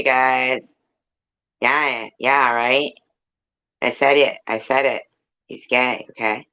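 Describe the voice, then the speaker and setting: A woman rambles on a live stream in a slow, unhurried way, swearing freely and drifting from one thing to the next. Her voice has a gravelly, fried texture. The audio is dull and lo-fi. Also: rumbling low, pushed and bright. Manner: rambling, swears a lot, sings snatches. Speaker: live-stream host chatting with viewers. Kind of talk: casual chat.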